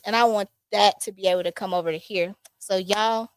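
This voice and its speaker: A woman hosting a podcast in casual, chatty talk, excitable and full of fillers. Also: medium pitch, a little fast, few pauses, clear, resonant tone, no echo. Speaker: podcast host. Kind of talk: casual chat. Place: small studio set.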